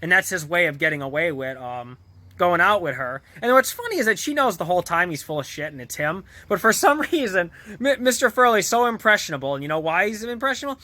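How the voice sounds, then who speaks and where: A man's voice: high-pitched, big pitch swings, fast talker, bright, forceful tone, no room sound. A man vlogger casually retelling a TV episode in a rambling way, full of fillers, restarts and small chuckles. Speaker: vlogger reviewing a TV show.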